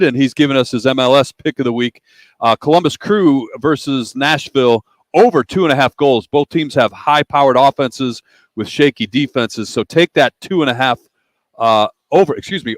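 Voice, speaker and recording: A man's voice: mid-range voice, no echo. A man hosting a sports radio show, chatting casually and plugging sponsors between picks, live from a sportsbook bar.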